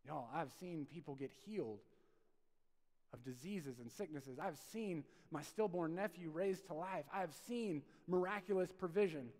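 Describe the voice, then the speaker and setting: A male pastor preaching a sermon, conversational and animated, swinging from loud bursts to soft asides. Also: a little high, normal speed, big-room sound. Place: church sanctuary.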